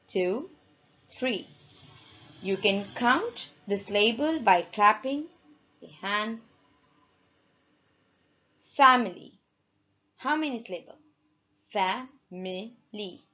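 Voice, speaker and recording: A woman teacher speaks slowly and deliberately, leading a classroom lesson for children. She keeps quizzing her pupils with repeated questions. The recording sounds dull and lo-fi. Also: mid-range voice, expressive, pushed and bright, slightly rough.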